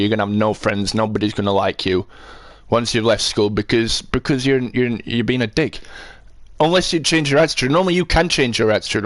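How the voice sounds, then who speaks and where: A man's voice: medium pitch, fairly bright tone, dry recording. A man with a Sheffield accent, a livestreamer ranting at his chat, swearing and repeating himself. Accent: Sheffield English. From Sheffield, England. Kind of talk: angry rant to live chat.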